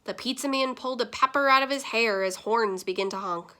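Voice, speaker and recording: Reading a children's picture book aloud, a woman performs it in a lively, expressive storytelling style. Her voice is on the high side and fairly quick.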